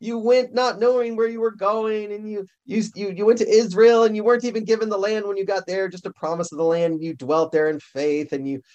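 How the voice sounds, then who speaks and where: A man's voice: sits high, fairly quick, few pauses, dull audio, voice pushed up, close to an everyday voice. Gushing starstruck man, as a preacher puts him on. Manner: gushing, excited, stumbling. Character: awestruck man greeting biblical patriarchs in heaven.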